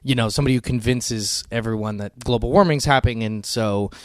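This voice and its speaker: A man's voice: mid-range voice, brisk, no room sound, studio quality. A man co-hosting a podcast in casual chat, rambling with many ums and some swearing. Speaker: podcast co-host.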